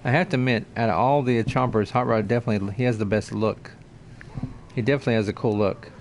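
Chatty low-voiced male game streamer. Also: fairly even intonation, fast, a little hiss or hum. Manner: chatty, greets viewers by name, repeats himself. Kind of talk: casual live game commentary. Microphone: desk mic, no headset.

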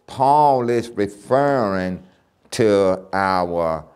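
A man's voice: fairly low pitch, lively intonation, drawn-out words, darkish tone, clear, resonant tone. A man teaching a church Bible lesson, emphatic and repeating key phrases as he reads scripture aloud.

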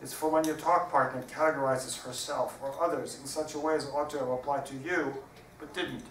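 A pedantic, easily offended parrot who lectures in exact words, as a man reads him out. The voice is bright and a little tense. It sounds roomy and distant, with a faint hiss behind it. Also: mid-range voice, steady tone, fairly quick, lightly acted. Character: fussy pedantic talking parrot, male. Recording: echoey hall, distant mic, faint hiss.

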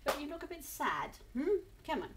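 A woman's voice: high-pitched, very animated, normal speed, background noise. A woman from England coaxing her cat into posing for photos, cooing and encouraging it along. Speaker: pet owner filming her cat. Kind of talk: coaxing talk to a pet.

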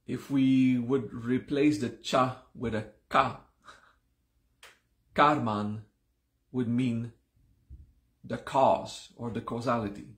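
A man teaching a live-streamed class, slow and deliberate, repeating each term several times, sounding like he has only just woken up. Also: medium pitch, little pitch movement, echoey room. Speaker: yoga teacher.

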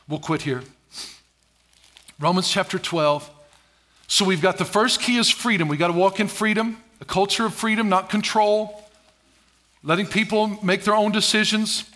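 A man's voice: sits high, moderate pace, a bit bright. A middle-aged male pastor preaching a sermon in church, calling for responses and repeating key phrases. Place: church sanctuary.

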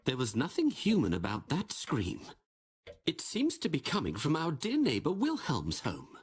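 A man's voice: on the high side, huge pitch swings, normal speed, husky, full character voice. A man playing Sherlock Holmes as a pompous, theatrical detective with a grandiloquent, lecturing delivery. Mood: curious. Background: music.

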